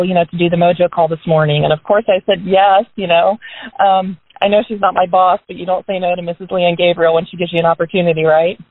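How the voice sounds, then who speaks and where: Sitting in a parked car, a lowish-voiced woman rallies her business team on a group call with a casual, upbeat motivational talk, leaning heavily on tag questions. The recording is dry and tinny like a phone line, with no echo.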